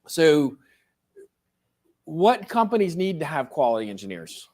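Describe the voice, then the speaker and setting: A man's voice: fairly high pitch, very animated, unhurried, darkish tone. Middle-aged man as a professor, lecturing loosely, tossing questions to the class. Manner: casual, joking, asks the class questions.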